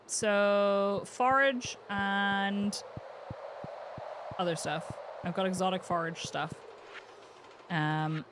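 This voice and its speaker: Woman, from the UK, casual live-stream chat, thinking aloud, mid pitch, clear game music behind. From United Kingdom. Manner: chatty, thinks aloud, coos brightly at game animals. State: has the hiccups.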